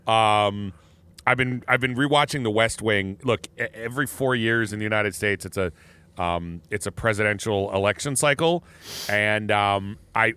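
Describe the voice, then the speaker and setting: Bright-voiced rambling podcast co-host, a man. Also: mid-range voice, clean tone. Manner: rambling, with many false starts. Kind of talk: casual chat.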